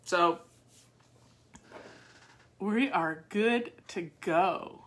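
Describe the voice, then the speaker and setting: With a fairly low pitch and drawn-out words, an older woman chats with her viewers in a talkative, folksy manner, answering their comments. Her tone is a bit bright. She's a home-organizing vlogger in a casual live chat.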